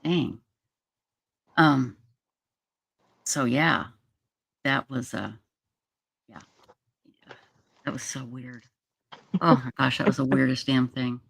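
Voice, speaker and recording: A livestream host talks casually in a rambling, relaxed way, often trailing off. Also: medium pitch, slow, creaky, long pauses, slightly rough, dry recording.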